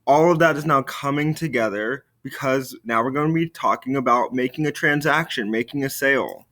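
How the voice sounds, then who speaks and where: Male teacher voice, video lesson: steady explaining, slow drilled French phrases to repeat. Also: mid-range voice. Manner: upbeat classroom explaining.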